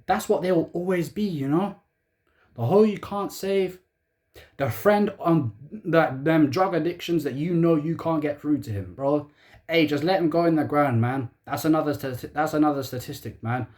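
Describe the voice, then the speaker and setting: A man's voice: fairly high pitch, normal speed, a little mellow. A young man ranting sarcastically as a football fan channel host, firing rhetorical questions in heavy slang.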